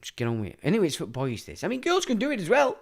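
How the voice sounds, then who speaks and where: A man's voice: high voice, huge pitch swings, very fast, gravelly. A middle-aged man, hosting a livestream and ranting in a blunt, profane, rambling monologue. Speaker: livestream host.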